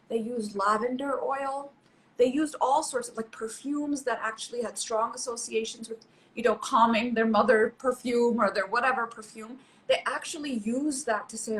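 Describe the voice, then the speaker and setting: A woman's voice: fairly high pitch, fairly bright tone, slight background noise, low-quality recording. A middle-aged woman, a psychologist, explaining in an emphatic, coaching way, often repeating herself for stress. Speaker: psychologist guest. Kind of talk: expert explaining in conversation.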